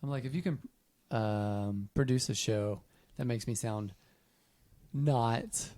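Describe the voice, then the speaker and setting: A man co-hosting a podcast, chatting in a lively, joking way. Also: medium pitch, slow, no room sound. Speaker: podcast co-host. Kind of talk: casual chat.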